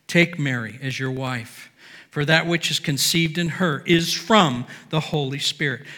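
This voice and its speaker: A man preaching a sermon from a podium, emphatic, swinging between near-shouts and low, quiet lines. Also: steady tone, measured pace, long reverb tail. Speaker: pastor. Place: church sanctuary.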